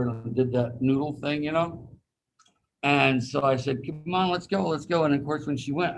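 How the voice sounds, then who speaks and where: A man's voice: mid-range voice, a little mellow, slight background noise, low-quality recording. A man teaching anatomy over a video call in a casual, folksy way, slipping anecdotes in and acting out the voices of people he quotes. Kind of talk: casual classroom lecture with personal anecdote.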